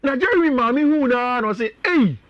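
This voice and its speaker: A man's voice: high-pitched, big pitch swings, normal speed, no echo, dull audio. A man with a Ghanaian accent, talking as a sports pundit on a radio show, chatty and often addressing his co-host.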